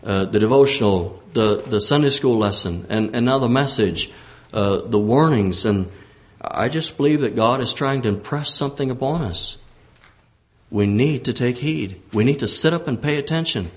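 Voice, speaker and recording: A man preaching a sermon as pastor, often repeating his phrases and clearing his throat, his pitch climbing when he exhorts. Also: moderate pace. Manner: frequent throat clearing and restarts.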